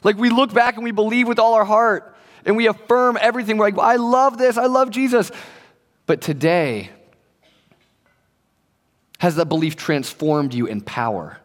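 Young male pastor, slightly high voice, conversational and playful, long hall reverb. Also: normal speed, long pauses, a bit bright. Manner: conversational, joking, acts out quoted voices. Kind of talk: casual sermon to young people.

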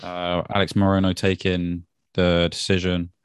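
A man with a very deep voice talks through a night of fights in a relaxed, laughing way, dropping "mate" here and there. The sound is dry and close. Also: moderate pace, clear, resonant tone, no echo. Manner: laid-back, laughs often, British slang like "mate". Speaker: podcast co-host. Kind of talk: casual MMA fight recap.

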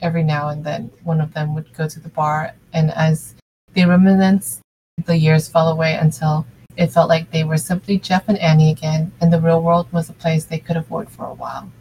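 A woman's voice: low voice, fairly even intonation, normal speed, mellow, slight background noise, low-quality recording. A woman narrating a fan fiction story aloud in a casual way, with small slips and restarts. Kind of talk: amateur story reading.

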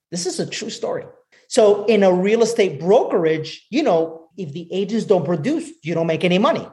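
A man teaching a live group as a business coach, telling stories in an animated way and speaking straight to his audience. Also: high-pitched.

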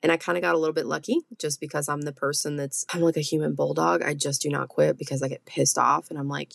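A blunt woman talks straight to her listeners in a casual solo podcast, swearing freely and tagging "okay?" onto her points. Her voice sits low with a gravelly edge. The sound is close and dry. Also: little pitch movement, quick pace, hardly any pauses, dry recording. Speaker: podcast host and med spa owner.

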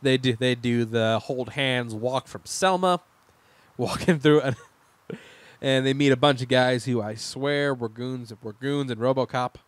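A man's voice: medium pitch, fairly even intonation, unhurried, clear, resonant tone, no room sound. A man in casual podcast chat, recapping a TV miniseries scene by scene, rambling and laughing with frequent restarts. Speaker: podcast co-host.

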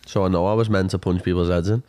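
A man's voice: deep voice, steady tone, quick pace, dark tone. A young man with a Liverpool accent, a fighter chatting casually as a guest, blunt and laddish. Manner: blunt, laddish, says "lad" often. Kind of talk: casual chat.

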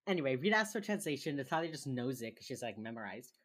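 Low-voiced, chatty woman podcaster. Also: sing-song, fast talker. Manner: chatty, frequent "like" fillers, swears casually. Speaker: podcast co-host. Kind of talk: casual chat recapping a TV episode.

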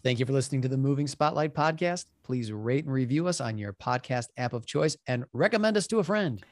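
Fast-talking, enthusiastic male podcast host. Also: mid-range voice, lively intonation. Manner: enthusiastic, rambling with fillers. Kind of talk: casual interview chat.

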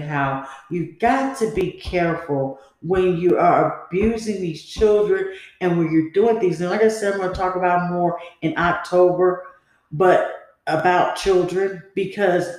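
A woman's voice: lowish voice, measured pace, darkish tone. A woman hosting a podcast, telling a personal story in a candid, rambling, conversational way. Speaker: podcast host. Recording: very echoey room.

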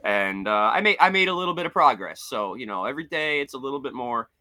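A man co-hosting a podcast in casual chat, animated and swearing, jumping into high voices when he quotes people. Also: fast, dry recording, studio quality. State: limping with a foot injury. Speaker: podcast co-host.

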